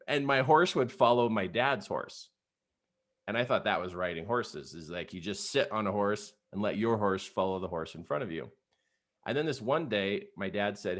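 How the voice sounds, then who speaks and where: A middle-aged man giving an energetic, conversational coaching talk, tossing in "you know" and "right?" as he speaks to an online group. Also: lowish voice, normal speed. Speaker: motivational trainer.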